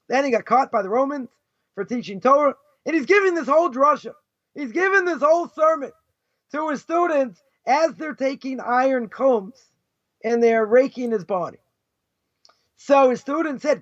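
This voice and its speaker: A man teaching a lesson as a rabbi, passionate, loud and sarcastic, mocking others in quick put-on voices. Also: extremely high pitch, dry recording. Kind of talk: fiery lesson. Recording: dull, dry close recording.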